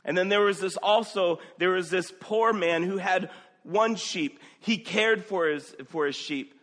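A preacher doing a raised, urgent prophet. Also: male voice, sits high, a little slow, a bit bright, voice pushed up. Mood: earnest. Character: earnest male prophet telling a parable.

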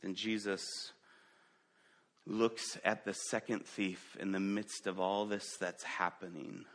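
A man delivers a sermon at a slow, deliberate pace, his voice bright and forceful. He keeps putting direct questions to the congregation, and his level swings between loud, emphatic passages and hushed, low ones. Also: little pitch movement. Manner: dynamic preaching, rising loud then dropping to quiet; asks the listeners direct questions. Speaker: pastor.

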